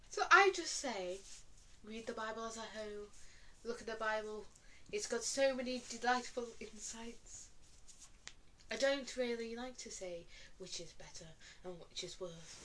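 A woman's voice: on the high side, sharp tone, a little hiss or hum, poor audio. A woman guest on an improvised comedy podcast, speaking in a prim, overly polite way that tips into giggles.

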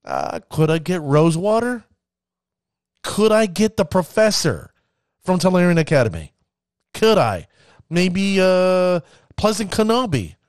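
A fired-up man hosts his own podcast, building hype and tripping over his words as he rambles. His voice sits a touch high for a man. The recording is close and dry, with no room around it. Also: dry recording. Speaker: podcast host. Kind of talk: enthusiastic casual podcast talk.

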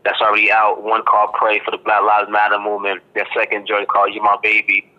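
A man from Boston, a rapper giving a relaxed interview in slangy talk full of fillers and "you dig.". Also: lowish voice, fast talker. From Boston, Massachusetts. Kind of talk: casual interview chat. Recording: dull lo-fi line.

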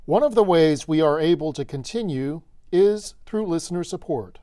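A man's voice: a little high, no room sound, clean studio sound. A man hosting a motivational podcast, reading a joke and a short reflection in a scripted, storytelling way. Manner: storytelling with lively, animated delivery. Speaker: podcast host.

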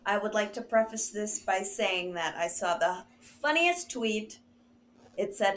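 A bubbly young American woman co-hosting a casual podcast, gushing with plenty of "like"s and quick laughs. Her voice sits at an ordinary middle pitch. A faint hiss of noise runs under the recording. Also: lively intonation, a bit bright. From United States. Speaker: podcast co-host. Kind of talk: casual chat.

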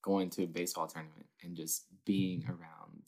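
Chatty young man, low voice, "like" everywhere. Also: normal speed. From Northern Kentucky. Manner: chatty and animated, with constant "like" fillers. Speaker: interviewer, host. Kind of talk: casual interview.

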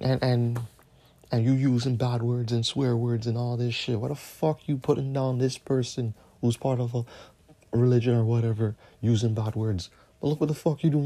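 Man, podcast host, solo rant, mellow voice, confrontational, slang-heavy. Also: mid-range voice.

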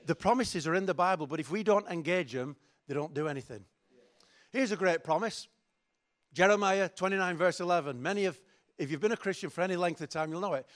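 Chatty preacher, higher voice. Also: male voice, brisk, a bit bright. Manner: chatty, joking, self-mocking. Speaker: pastor. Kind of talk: sermon.

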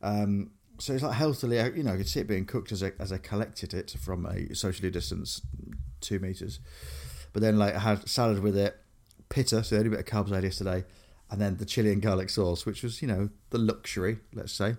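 A man's voice: lowish voice, a little fast, darkish tone. A young man from Grimsby, England, co-hosting a casual chat, rambling with lots of fillers and restarts. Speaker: podcast co-host.

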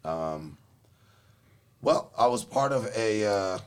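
Young guy from LA, lowish voice, rambling and cussing, laughs a lot. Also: animated, slow, clean tone. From Los Angeles, Southern California. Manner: profane, rambling, laughs often. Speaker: guest telling his life story. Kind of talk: casual chat.

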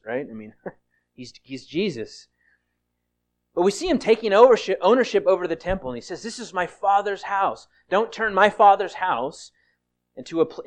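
A man preaching a sermon in a conversational way, often restarting and acting out quoted speech. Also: a little high. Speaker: pastor.

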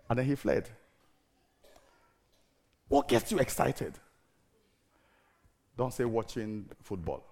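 A middle-aged man preaching a sermon in an animated, theatrical way, firing rhetorical questions at the congregation. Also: mid-range voice, a little slow, creaky, pauses often.

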